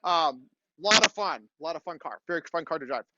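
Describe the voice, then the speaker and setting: A man's voice: a little high, animated, a little fast, dull audio, very noisy. A middle-aged man, a university lecturer, telling a story in a classroom lecture and often asking "okay?". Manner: chatty storytelling, frequent "okay?" check-ins.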